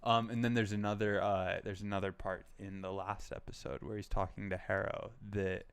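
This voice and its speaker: Young man, podcast co-host, low and flat-toned, smooth resonant voice, dry close sound, filler-heavy casual chat. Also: normal speed, no echo. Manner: rambling, heavy use of "like" and "um". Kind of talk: casual pop culture chat.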